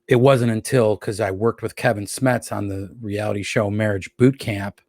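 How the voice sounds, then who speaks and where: Here a Rochester, New York man, appearing as a podcast guest, spins long anecdotes full of profanity and performs what others said. He speaks a little slowly in a fairly low, darkish voice with fairly even intonation. It's a dry, clean studio recording.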